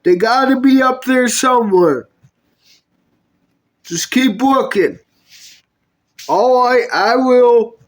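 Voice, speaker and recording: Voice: medium pitch, expressive, slow pace, long pauses. A puppet video maker performing every character in a comedy skit, switching between bickering character voices.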